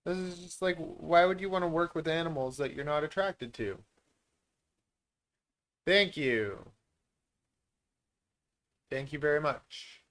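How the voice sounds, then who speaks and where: A man's voice: fairly high pitch, slow, long pauses, a bit bright. A man from Canada, a reptile breeder hosting a casual live-stream Q&A, who rambles and pokes fun at himself between lots of filler words. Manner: rambling, self-deprecating, many filler words. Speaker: reptile breeder and channel host.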